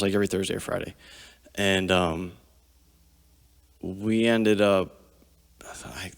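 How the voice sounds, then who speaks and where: Gravelly low-voiced man telling war stories. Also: fairly bright tone. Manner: profane, vivid storytelling with frequent swearing. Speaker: podcast guest, army veteran. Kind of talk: casual storytelling. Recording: long hall reverb.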